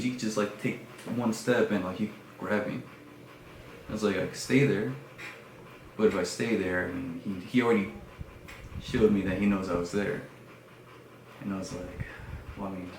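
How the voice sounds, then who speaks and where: A man on his podcast, casually telling a story in an animated way, with lots of fillers and hushed passages. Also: fairly low pitch. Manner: animated retelling with many fillers, dropping to hushed tones. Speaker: podcast host. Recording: echoey room with faint background noise.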